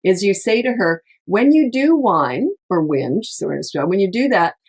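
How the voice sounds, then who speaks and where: A woman's voice: mid-range voice, sing-song, normal speed, a little mellow, breathy edge. A middle-aged woman, a parenting coach, giving advice in casual chat, emphatic and chatty, often acting out what parents say. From Canada. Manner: chatty, emphatic, laughs often, acts out quotes. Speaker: parenting coach, podcast host.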